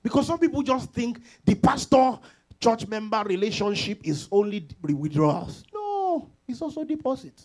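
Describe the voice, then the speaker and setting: A man preaching a sermon as pastor, animated, laughing often and acting out quoted voices. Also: high-pitched, normal speed.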